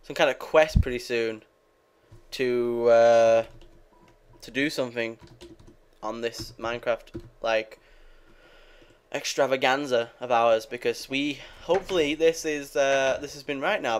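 A young man with a medium-pitched, clean-toned voice plays a game on video and chats aimlessly as he goes. He swears liberally and talks directly to the people watching.

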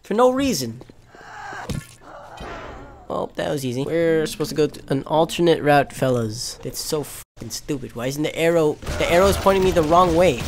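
A young man doing gaming commentary, frustrated and swearing as he yells at enemies. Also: lively intonation, moderate pace, music in the background. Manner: frustrated, swearing, yelling at enemies, with wild swings in pitch. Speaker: gamer.

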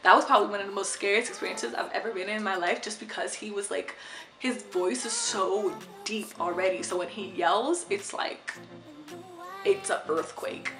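A young woman in a casual storytime vlog, chatty and animated, swearing freely. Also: medium pitch, normal speed, echoey room, soft background music. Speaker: vlogger.

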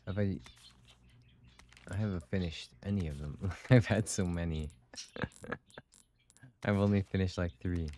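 A man's voice: low-pitched, unhurried, long pauses, dark tone, a little hiss or hum. A man streaming a game from home, chatting and giggling as he reacts to what happens on screen. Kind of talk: live gameplay commentary. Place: home with pet birds chattering.

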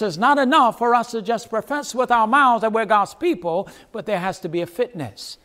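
High-pitched guy preaching, earnest, lots of repeats and pauses. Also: fairly bright tone. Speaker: pastor. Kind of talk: sermon.

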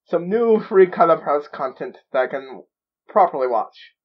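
A man's voice: on the high side, expressive, normal speed, lo-fi sound. A man hosting a reaction video, talking in a giddy, rambling way full of stammered restarts. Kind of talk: excited reaction commentary.

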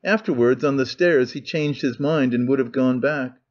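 A man reading an audiobook in measured, deliberate narration. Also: mid-range voice, darkish tone. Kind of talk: scripted narration. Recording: dull lo-fi recording.

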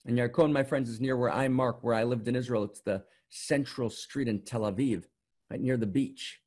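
A man's voice: medium pitch, steady tone, normal speed, darkish tone. A man giving a sermon as a spiritual teacher, telling a story emphatically and often checking in with the listeners. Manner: emphatic storytelling, keeps asking "right?".

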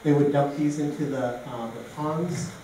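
A Canadian guest lecturer gives an informal public talk, weaving in anecdotes. His voice is a little high and warm at a moderate pace, recorded from a distance in an echoey room with faint noise.

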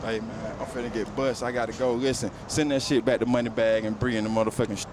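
A man's voice: on the low side, steady tone, quick pace. Brash joking man on a noisy street. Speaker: comedic street reporter. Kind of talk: loud comedic street interviews. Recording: noisy outdoor street with traffic.

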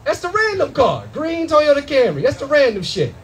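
A young man tells stories on a comedy club stage, loud, animated and full of profanity. His voice sits high for a man, and he acts out other people's voices as he goes. A faint room ambience hums behind him. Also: normal speed, a little hiss or hum, low-quality recording. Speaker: stand-up comedian. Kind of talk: stand-up comedy set.

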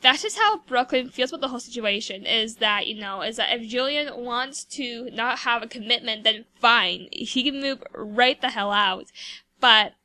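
A woman's voice: on the high side, normal speed, pushed and bright. A woman giving casual, rambling commentary over a life-sim game, chatty and full of fillers. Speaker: gameplay video host.

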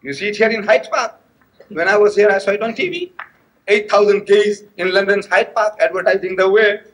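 A man delivers a religious lecture to a mosque audience. His voice sits a little high for a man, and he shifts between storytelling and sharp, mocking bursts of emphasis. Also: a little fast, rough recording. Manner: animated storytelling with sharp rising outbursts; acts out dialogue, mocking and emphatic.

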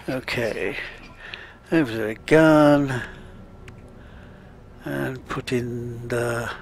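A man talks slowly through a game, chatting and muttering to himself with a gravelly, creaky voice. A faint hum sits under his home recording. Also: mid-range voice. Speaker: gaming channel host. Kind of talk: casual let's-play commentary.

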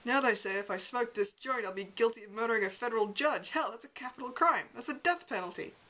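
A woman's voice: a little high, quick pace, pushed and bright. A woman reading as a weary, grumbling lawyer. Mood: indignant. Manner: muttering, sardonic.

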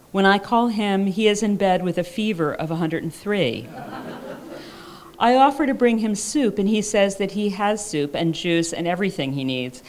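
Woman reading fiction aloud, dry and wry. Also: fairly low pitch. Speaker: author reading her fiction. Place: live reading at a writers' conference.

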